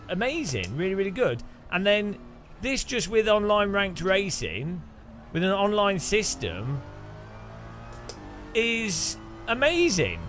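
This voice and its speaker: A man's voice: sits high, fairly bright tone. A man hosting a casual sim racing gameplay commentary, rambling and joking and laughing often between thoughts. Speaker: sim racing channel host.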